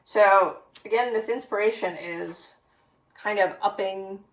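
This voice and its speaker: A woman's voice: medium pitch, measured pace, far from the mic, low-quality recording. A woman giving a tarot reading, musing aloud with frequent "right?" tags. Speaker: tarot reader.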